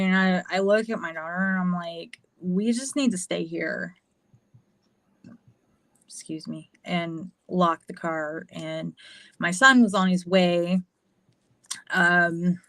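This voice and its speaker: A woman's voice: fairly low pitch, a bit bright, dry recording. Female guest, American, casual storyteller, frank and profane, dry sound. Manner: candid, swearing, lots of fillers. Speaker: podcast guest.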